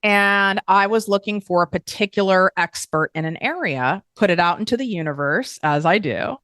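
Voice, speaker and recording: A woman's voice: medium pitch, expressive, normal speed, fairly bright tone, no echo, studio quality. A woman hosting a podcast, talking frankly and emphatically in a candid self-help monologue, swearing casually. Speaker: podcast host.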